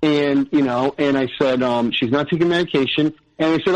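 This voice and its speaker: A man's voice: medium pitch, a little fast, few pauses, muffled recording. A man telling his own story in a casual, earnest way, rambling with many restarts and tangents. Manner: earnest, frequent "you know".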